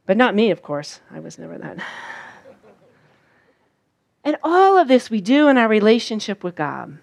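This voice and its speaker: A woman's voice: a little high, brisk, dry recording. Older woman preaching, dry outdoor sound. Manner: storytelling with sung and quoted voices, animated. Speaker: speaker at a church camp. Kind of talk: sermon. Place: outdoor camp gathering.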